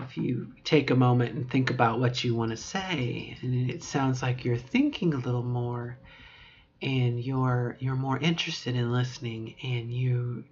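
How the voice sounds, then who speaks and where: A woman's voice: a bass voice, lo-fi sound. A middle-aged woman talking to camera in a casual video diary, reflective and rambling, with many fillers. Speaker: vlogger.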